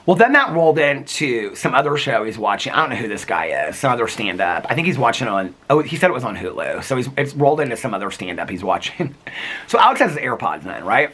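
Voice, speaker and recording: A man chats to his vlog audience, rambling through a story with constant fillers and easy laughter. His voice swoops lively up and down and has a bright, slightly husky tone. It sounds recorded casually outdoors. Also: medium pitch, fairly quick. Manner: chatty and rambling, many fillers, frequent laughter, squeals. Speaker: vlogger.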